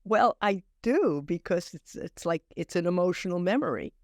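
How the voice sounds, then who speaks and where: An older woman who teaches acting speaks as a podcast guest in a fairly low voice, recorded dry with studio quality. Animated and conversational, she tells anecdotes with halting restarts and acts out the dialogue in her stories.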